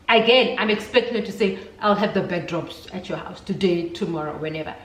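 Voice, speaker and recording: A South African woman, an event planner, telling a story in a casual vlog, animated and switching between English and Xhosa as she acts out what people said. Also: lowish voice, fairly quick, hardly any pauses, roomy sound, far from the mic, poor audio.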